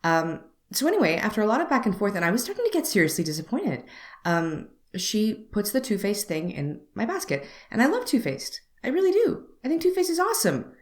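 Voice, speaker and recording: Speaking briskly in a mid-range voice, a young beauty vlogger recounts a story to camera. She plays both people in the exchange with a wry, animated delivery.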